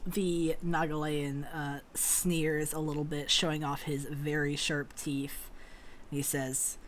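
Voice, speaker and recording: A woman's voice: sits low, little pitch movement, slow pace, slight background noise. A woman narrating a tabletop game as game master, joking about her character voices. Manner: laughs easily, jokes about her voices.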